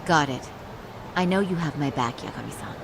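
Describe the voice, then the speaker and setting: A woman's voice: sits low, animated, normal speed, creaky, background noise. An actress playing a composed young woman going undercover as a bar hostess in a video game, polite and dry.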